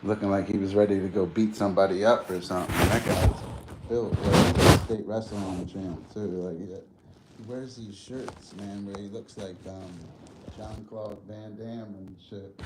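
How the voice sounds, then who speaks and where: A tired man with a fairly low voice and fairly even intonation hosts a livestream, speaking a little slowly over heavy background noise. His casual, rambling chat drifts between topics, full of slang and free swearing.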